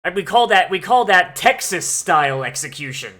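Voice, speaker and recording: A man's voice: high-pitched, big pitch swings, moderate pace, sharp tone. A man hosting an anime watch-along, reacting with profane, incredulous outbursts and running commentary.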